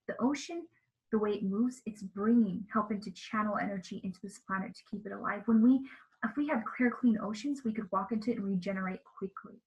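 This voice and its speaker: A woman with a mid-range voice, heard through poor audio, appears as an interview guest. In casual conversation she describes her spiritual experiences, earnestly and with emotion.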